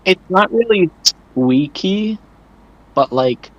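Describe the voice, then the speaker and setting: Slow-talking voice over dull call audio. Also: mid-range voice, lively intonation. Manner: halting, drawn out, full of fillers and restarts. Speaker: podcast co-host. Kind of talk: casual chat. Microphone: remote call audio.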